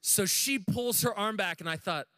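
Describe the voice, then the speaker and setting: An American man preaching a sermon to a live congregation, telling stories in an animated, joking way. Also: high-pitched, normal speed, big-room sound. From United States. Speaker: pastor. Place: church room with audience.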